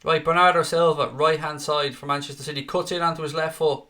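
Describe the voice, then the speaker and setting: A young man commentates on a football match for a live fan stream. His voice sits a touch high and comes across bright and forceful. He calls the action excitably and swears freely as he bounces between play-by-play and teasing the chat. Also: fairly quick. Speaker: watchalong host and fan commentator.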